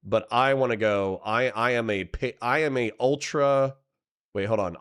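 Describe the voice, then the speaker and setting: A man's voice: mid-range voice, normal speed, a bit bright, smooth. A man streaming live, rambling and swearing while he comments and reads chat messages aloud.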